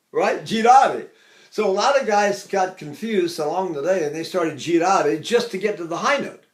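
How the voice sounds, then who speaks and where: An older male voice teacher with a high-pitched speaking voice. He talks in a loose, chatty way, stopping often to sing short syllables as demonstrations. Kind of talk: vocal lesson with sung demonstrations.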